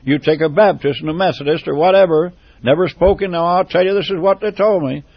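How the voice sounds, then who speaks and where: A man preaches in an emphatic, repetitive style, circling back to the same phrases and building fervor. His voice sits a little high for a man. The sound is dry and dull, like an old lo-fi radio broadcast. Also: fairly quick, slightly rough, no echo. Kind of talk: sermon.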